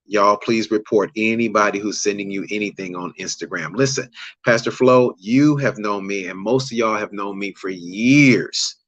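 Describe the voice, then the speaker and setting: A man's voice: mid-range voice, a bit bright, dry recording. A man hosting a live relationship-coaching chat, greeting viewers by name between preacherly points and slangy asides. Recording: dull lo-fi dry sound.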